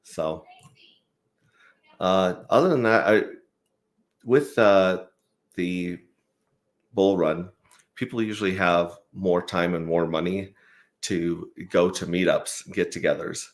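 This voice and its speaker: A man hosting a casual livestream, reading viewer comments aloud in a relaxed way with lots of fillers. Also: deep voice, slow pace, long pauses. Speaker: host.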